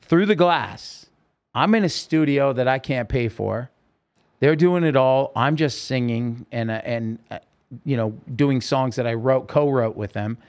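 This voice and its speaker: Speaking into a podcast microphone, a male guest recounts his life story in a storytelling interview. His medium-pitched voice is unhurried and somewhat dark, and he acts out the voices of the people he quotes.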